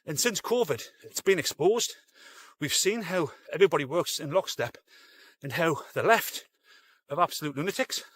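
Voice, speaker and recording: A man's voice: fairly high pitch, lively intonation, moderate pace, fairly bright tone. A middle-aged man, hosting a live-stream show in a rambling, sweary, blunt way. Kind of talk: casual live-stream rant.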